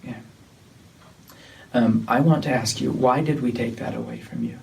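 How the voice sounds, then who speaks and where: A man leading a church disciplinary meeting, talking in a measured, insistent way that often repeats itself. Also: mid-range voice, gravelly, darkish tone. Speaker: church leader. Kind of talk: tense meeting conversation. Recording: distant mic with faint noise.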